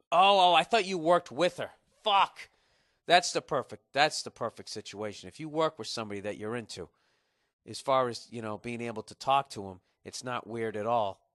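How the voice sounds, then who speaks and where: A man's voice: fairly high pitch, fairly bright tone, no room sound, clean studio sound. A man in his forties hosting a podcast, giving blunt, profane advice in a rambling comic rant. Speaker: podcast host. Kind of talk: casual comedic advice rant.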